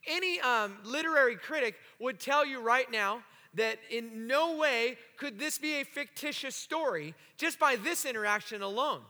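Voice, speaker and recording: A pastor preaching a sermon to his congregation, animated and joking with the room. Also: extremely high pitch, moderate pace, few pauses. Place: church sanctuary. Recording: long hall reverb.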